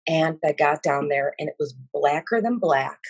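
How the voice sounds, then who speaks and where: Breathy woman telling her vision, slow and halting, lots of ums, dry close sound. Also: low voice, lively intonation, no echo. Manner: slow and halting, with many fillers; emotional and earnest. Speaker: speaker sharing a spiritual vision. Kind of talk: personal account of a vision.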